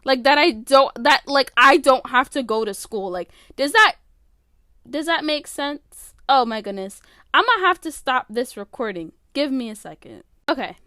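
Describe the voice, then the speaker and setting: Teen girl, podcast host, high voice, smooth and clear, dry close sound, rambling, emotional. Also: expressive, normal speed, pushed and bright, no room sound. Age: late teens. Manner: rambling, filler-heavy, emotional. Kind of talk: casual solo podcast chat. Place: her bedroom.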